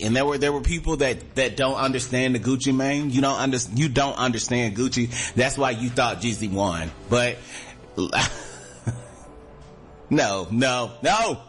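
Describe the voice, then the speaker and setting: Animated male radio talk host. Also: medium pitch. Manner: animated, emphatic, repeats phrases. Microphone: studio microphone.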